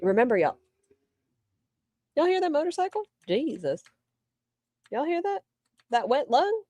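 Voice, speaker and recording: A woman's voice: high voice, sing-song, measured pace, dark tone, no room sound. A woman streamer giving casual, sarcastic commentary while reacting to a video and greeting her chat. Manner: sarcastic, teasing asides to chat.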